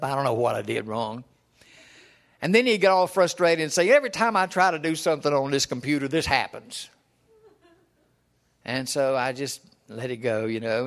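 A man in his seventies preaching a folksy sermon, telling personal stories in a homespun, chuckling way. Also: medium pitch. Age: 70s.

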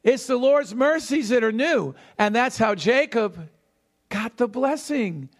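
A man with an extremely high voice preaches a sermon at a measured pace, teaching verse by verse. He animatedly acts out the voices in the story and calls out questions to quiz the congregation.

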